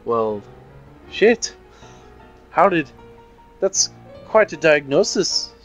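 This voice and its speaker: A man's voice: fairly high pitch, big pitch swings, extremely slow, soft background music, exaggerated voice. A man voicing a wry Irish drifter in an Old West town, with a put-on Irish accent.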